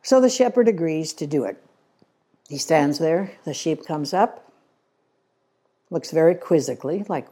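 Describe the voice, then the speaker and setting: Older woman, church speaker; low, mellow voice, earnest, unhurried storytelling. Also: animated, husky. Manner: earnest storytelling, slows on key phrases. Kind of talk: sermon-style talk.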